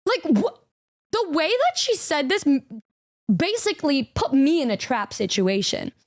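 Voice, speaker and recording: Incredulous, stammering woman streamer with a high voice, casual reaction commentary. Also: big pitch swings, unhurried. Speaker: VTuber streamer.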